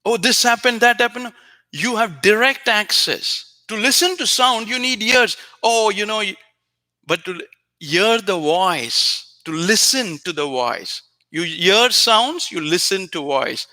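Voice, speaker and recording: A man hosting a spiritual show, giving an earnest, repetitive teaching talk addressed straight to a viewer, now and then softly chanting phrases. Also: sits high, expressive, unhurried.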